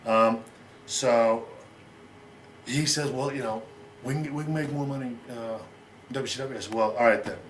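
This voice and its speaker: A middle-aged American man in a sit-down interview, telling a long story in a rapid, rambling way and acting out what others said. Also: mid-range voice, steady tone, slight background noise. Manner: rapid, rambling, acts out quoted lines.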